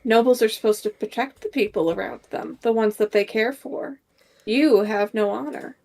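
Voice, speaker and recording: A woman's voice: a little high, normal speed, gravelly, darkish tone. A woman voicing a righteous adventurer who firmly scolds a noble. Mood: scolding. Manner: firm, lecturing.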